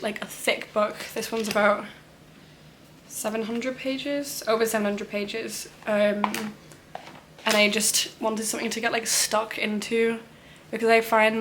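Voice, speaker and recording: A young woman who vlogs about books chats casually about the titles she plans to read, rambling and using plenty of "um" and "like." Her voice is mid-range, with slight background noise behind it.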